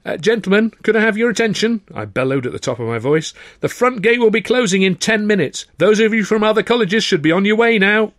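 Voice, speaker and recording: Casting: author-narrator, wry and dry, mid-pitched, close studio mic with no room sound. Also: male voice, no room sound. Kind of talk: audiobook narration.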